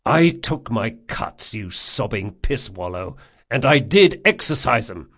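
A man playing a big, blunt rogue who scolds his friend in coarse, forceful terms. The voice is a little raised and loud, with a lively lilt. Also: medium pitch, measured pace, exaggerated voice. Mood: scolding, gruff. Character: gruff, blunt burly male thief.

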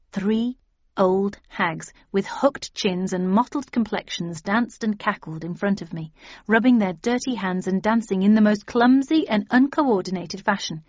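A woman's voice: mid-range voice, a little mellow, dry recording, lo-fi sound. A woman reading a first-person story aloud, in a dry, wry manner. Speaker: audiobook narrator. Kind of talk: scripted first-person narration.

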